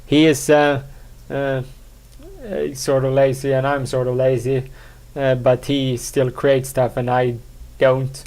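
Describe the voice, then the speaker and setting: A man hosting a solo podcast, talking in a rambling, halting way, full of fillers, restarts and self-mocking asides. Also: mid-range voice, little pitch movement, darkish tone. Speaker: podcast host.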